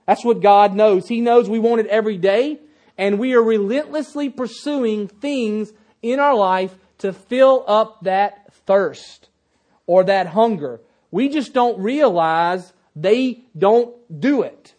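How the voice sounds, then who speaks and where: A man's voice: high-pitched, slow, darkish tone. A man preaching a sermon to his congregation, emphatic and repeating key phrases, often asking the listeners questions.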